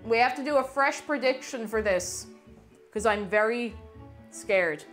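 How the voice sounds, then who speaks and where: A woman, chatting casually on a live stream and reading her chat aloud with animated exclamations. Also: on the high side, a little slow, soft background music.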